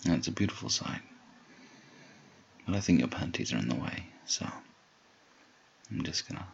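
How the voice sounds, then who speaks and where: Man, deep and husky, whispered role-play, slow and dominant, teasing tone, muffled lo-fi take. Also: expressive, slight background noise. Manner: slow, low murmured delivery.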